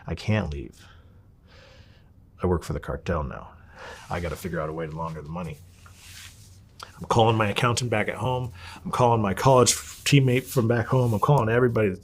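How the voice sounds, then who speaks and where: A man as an interview guest, telling his story in a casual, animated and blunt way, swearing freely. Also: lowish voice, a little fast, pauses often, slight background noise.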